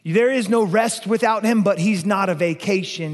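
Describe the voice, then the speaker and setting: Male pastor, emphatic sermon delivery with playful asides; higher voice, long hall reverb. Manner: playful, emphatic preaching, slows way down on key lines.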